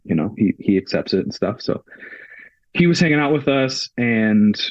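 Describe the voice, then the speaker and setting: A man's voice: on the low side, expressive, normal speed, no echo, muffled recording. A man who works on a touring crew, a podcast guest, telling a story casually and retelling the events through many quoted exchanges.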